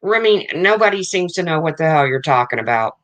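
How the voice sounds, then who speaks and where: A very animated livestream host in their fifties speaks briskly in a medium-pitched, slightly bright voice, answering chat viewers casually, bluntly, and frankly while repeating points.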